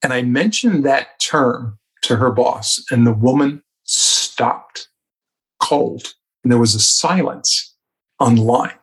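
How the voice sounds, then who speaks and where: A man at a medium pitch talks as a guest on a podcast. He is a communication coach and shares reflective stories from his work. His delivery is conversational and gets animated at moments. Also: slow. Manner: reflective, anecdotal, animated in places. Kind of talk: conversational storytelling.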